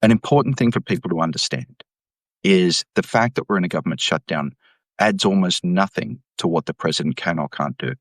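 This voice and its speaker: A man, an economics professor, explaining policy in an interview with an emphatic, animated delivery. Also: deep voice, fairly quick, no echo. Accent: Australian. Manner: animated, emphatic, mimics voices when quoting.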